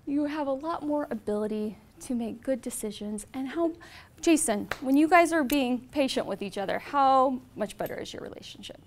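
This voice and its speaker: Woman, forties, high bright voice, motivational speaker, animated heartfelt storytelling, inspirational talk to a room full of people. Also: moderate pace, a little hiss or hum. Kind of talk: inspirational presentation. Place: presentation room with a live audience.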